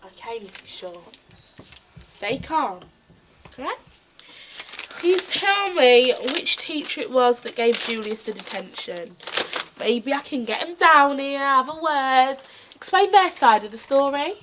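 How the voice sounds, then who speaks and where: A woman's voice: high-pitched, lively intonation, unhurried, background noise. A woman playing a placating school receptionist. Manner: polite, placating, officious. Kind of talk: student comedy drama acting.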